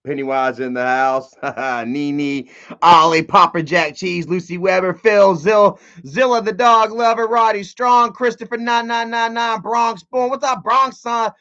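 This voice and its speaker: A man's voice: high-pitched, steady tone, a little slow, bright, forceful tone. A man hosting his own live stream, chatting loosely and profanely with lots of fillers and asides to his viewers. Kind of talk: rambling casual live stream chat. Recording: dull lo-fi stream audio.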